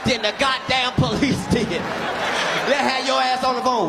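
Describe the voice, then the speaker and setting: A man doing a loud, animated, profane stand-up routine, breaking into shouted impressions of other people. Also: very high voice, unhurried, gravelly. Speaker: stand-up comedian. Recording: live show with crowd and music.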